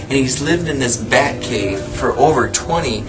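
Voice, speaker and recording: A man's voice: mid-range voice, lively intonation, unhurried, rough recording. A man hosting a goofy homemade mockumentary as a giggly mock interviewer. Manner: goofy, giggly, repeats "I've heard". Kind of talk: improvised comedy mockumentary. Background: music.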